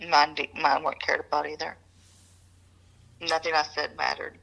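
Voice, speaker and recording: A woman's voice: low voice, level tone, moderate pace, vocal fry, pushed and bright, low-quality recording. A woman co-hosting an advice podcast, candidly telling personal stories in casual chat. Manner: candid storytelling. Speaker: podcast co-host.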